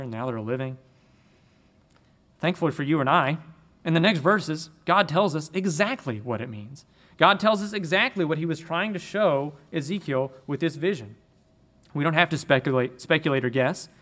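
A man's voice: a little high, moderate pace, a bit bright. A man preaching a sermon and explaining scripture, earnest, often repeating words as he restarts.

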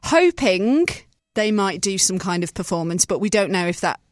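Woman, British accent, podcast co-host, teasing deadpan, mid pitch, dry studio sound. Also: normal speed, dry recording. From Britain. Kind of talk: prank call and casual chat.

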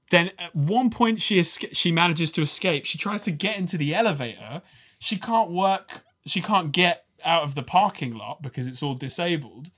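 A man co-hosting a casual film review podcast, animated and ranting, swearing freely. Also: mid-range voice. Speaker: podcast co-host.

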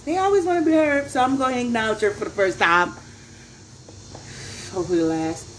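A woman's voice: fairly high pitch, a little fast, a little hiss or hum. A woman who is a mother, reading tarot in a loose, chatty way, laughing often and tossing in slangy asides. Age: adult parent. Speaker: tarot reader.

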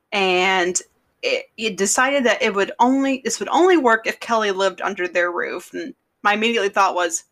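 Bright-voiced chatty woman co-host. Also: mid-range voice. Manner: chatty, animated, acts out quotes. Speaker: podcast co-host. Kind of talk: casual chat reviewing a documentary.

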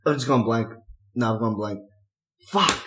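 A man's voice: fairly low pitch, steady tone, fairly quick, heavy background noise. A man telling a joke in casual chat, rambling through the setup and losing his place. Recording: echoey room.

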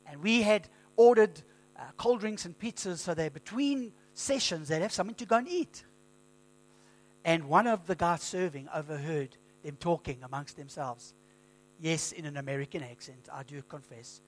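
A man preaching a sermon as pastor, in a conversational storytelling manner with lively quoted asides. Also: sits high, normal speed. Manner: conversational storytelling, animated quoting.

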